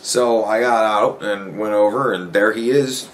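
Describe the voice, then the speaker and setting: A man hosting a podcast, telling a story in a casual, profane, animated rant and laughing often. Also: lowish voice, unhurried, a little hiss or hum. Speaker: podcast host.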